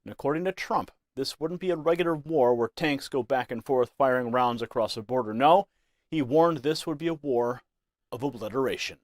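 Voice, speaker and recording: A man's voice: medium pitch, normal speed, dry recording, clean studio sound. A man presenting scripted news commentary with a dramatic, emphatic delivery.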